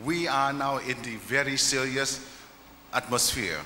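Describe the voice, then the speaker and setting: A man's voice: mid-range voice, measured pace, long reverb tail, background noise. A man with a Vietnamese accent, a folk musician explaining his instruments to a live audience in simple, friendly English.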